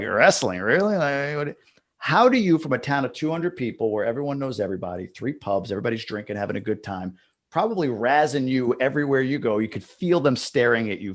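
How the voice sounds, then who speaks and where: A man hosting a casual interview, talking in a loose, rambling way with frequent restarts. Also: medium pitch. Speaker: host.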